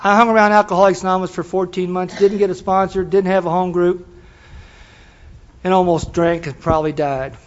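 A man's voice: high-pitched, steady tone, a little fast. An older man telling his story to a recovery meeting in a folksy, storytelling way, laughing now and then. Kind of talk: personal testimony. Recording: dull lo-fi recording.

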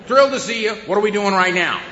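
A man voicing an eager, excitable female pet dog, with breathless, overjoyed shouting. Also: high voice, fast talker, heavy background noise, voice pushed up, lightly acted. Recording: echoey hall, dull sound.

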